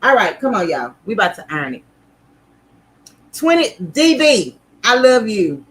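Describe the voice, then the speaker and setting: A woman hosting a sewing livestream in casual chat, loud, extra and playful as she talks to her viewers from an indoor sewing room. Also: a little high, sing-song, measured pace, heavy background noise.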